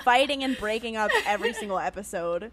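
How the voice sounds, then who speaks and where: Giggly high-voiced young woman podcast host. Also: big pitch swings, quick pace, fairly bright tone. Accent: New York. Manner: giggly, joking, laughs often. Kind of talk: casual podcast chat. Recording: noisy home recording.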